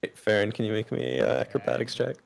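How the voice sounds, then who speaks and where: A man's voice: mid-range voice, flat delivery, quick pace, gravelly. A young man acting as game master, narrating loosely with lots of filler words. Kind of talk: running a tabletop game over voice chat.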